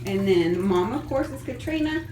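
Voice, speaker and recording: A woman's voice: mid-range voice, animated, normal speed, warm tone, a little hiss or hum, low-quality recording. A woman chatting casually as she films kittens in a foster room, often cooing and baby-talking to them. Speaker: cat fosterer filming a vlog. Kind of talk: casual vlog chat. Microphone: handheld camera.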